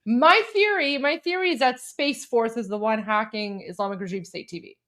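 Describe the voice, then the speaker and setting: High-pitched female host, excitable, exclaims a lot, casual chat. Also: moderate pace. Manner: animated, exclamatory.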